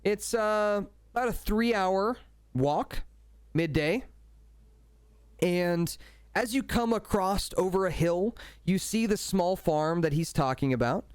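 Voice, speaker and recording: Lively man narrating a tabletop game. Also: high-pitched, takes it slowly, clean tone, dry recording. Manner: relaxed, casual narration with fillers and asides. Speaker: game master.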